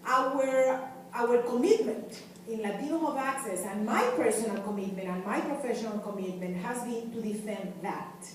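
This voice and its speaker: In a university lecture hall, a guest lecturer in her fifties from Venezuela, whose first language is Spanish and who directs community health work, speaks passionately and emphatically to students, repeating key phrases. Her pitch is fairly high at a normal speed, heard through a distant mic with heavy echo and faint hiss.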